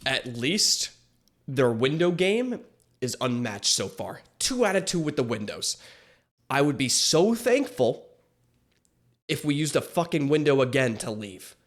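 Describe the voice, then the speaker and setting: Man, casual reaction commentary, rambling questions, swears a lot, average pitch. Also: big pitch swings, unhurried. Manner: rambling, swears freely, asks many questions. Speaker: reaction video host.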